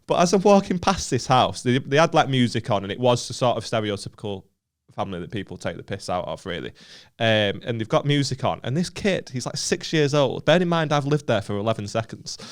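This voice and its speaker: A man's voice: mid-range voice, lively intonation, a little fast, smooth. Sweary man telling a story. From Stoke, England. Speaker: podcast co-host. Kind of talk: casual storytelling chat.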